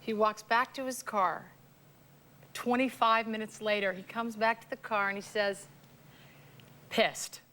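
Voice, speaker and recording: Animated, laughing woman talk-show guest. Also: fairly high pitch, moderate pace. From US West Coast. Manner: animated storyteller, acting out voices, laughing. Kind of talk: casual chat, anecdote telling. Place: TV studio with audience.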